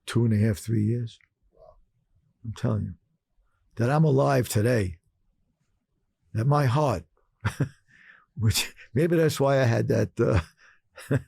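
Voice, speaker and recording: An older man from Brooklyn talks through his past as a podcast guest. His voice is dark and slightly husky, recorded close and dry. He keeps acting out his old self, jumping into higher voices. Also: dry recording. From Brooklyn, New York. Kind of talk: storytelling in conversation.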